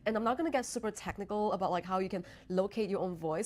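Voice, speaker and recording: A woman's voice: medium pitch, fast, hardly any pauses, a little mellow. A woman presenting a self-help video, talking to camera in an earnest, eager, chatty way full of "like"s. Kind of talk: talking to camera, giving advice.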